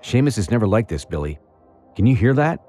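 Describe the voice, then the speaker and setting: A frightened, blunt young girl who scolds and swears, her voice pitched well up above the man reading her and swinging widely. She sounds tense and fretful throughout. Soft music sits underneath the storybook reading. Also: sing-song, fairly quick. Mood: anxious.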